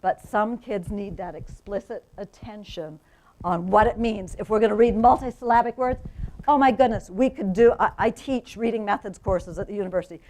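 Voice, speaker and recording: A woman's voice: mid-range voice, moderate pace, a little mellow, rough recording. Woman lecturing teachers, engaged. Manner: enthusiastic, asks the audience questions, frequent "right?". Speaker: university reading methods instructor. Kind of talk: professional development lecture. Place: conference room.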